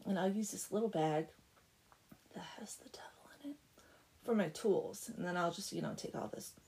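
A woman's voice: fairly low pitch, normal speed, gravelly, a little mellow. A woman voicing a moody, lovesick young village blacksmith with whiny, dramatic groaning. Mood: mopey, dramatic.

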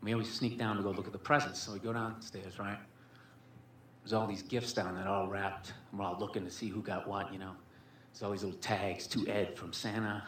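A man's voice: lowish voice, level tone, brisk, fairly bright tone, slight background noise. A man doing stand-up storytelling, rambling with constant filler words and swearing, on a comedy club stage. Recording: echoey room with faint ambience.

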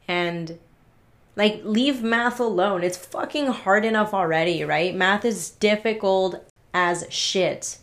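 A woman talks straight into her podcast mic, thoroughly fed up and not hiding it. She swears without hesitation and trips over her own sentences as she vents, in a voice of ordinary middle pitch. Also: takes it slowly. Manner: exasperated, swears freely, restarts sentences. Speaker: podcast host. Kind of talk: casual solo podcast rant.

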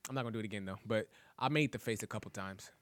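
A man's voice: on the low side, very fast, no echo. A man co-hosting a podcast, reacting to clips with slangy, profane jokes. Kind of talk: casual reaction chat.

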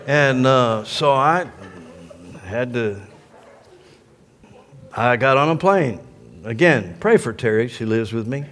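An older man, a pastor, telling a story in a sermon in an animated way and laughing along with it. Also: medium pitch, takes it slowly, pauses often. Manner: animated, laughs through his own story. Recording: long echo of a large hall.

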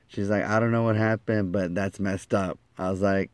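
A man with a fairly low voice tells a personal story with lively energy, acting out each quoted line. The sound is dry and close, with no room around it. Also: normal speed, few pauses, smooth, dry recording. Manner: lively, acts out quoted lines, laughs at himself.

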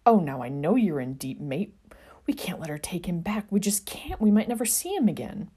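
A woman's voice: fairly low pitch, big pitch swings, a little fast, breathy edge. Woman doing a frantic young wizard. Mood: urgent. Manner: urgent, hushed, exasperated. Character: young male wizard, brash and frantic friend.

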